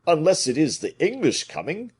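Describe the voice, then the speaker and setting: A man reading an audiobook voices a blustering giant soldier who talks loudly and excitably. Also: on the high side, moderate pace, slightly rough, voice pushed up, exaggerated voice. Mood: excited. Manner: loud and excitable, exclaiming.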